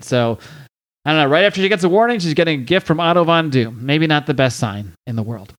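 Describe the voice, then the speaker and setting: A man's voice: fairly high pitch, animated, fast talker. A man hosting a podcast, casually recapping a comic book with lots of fillers and restarts. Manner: recaps a comic with frequent fillers, reads dialogue aloud. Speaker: podcast host.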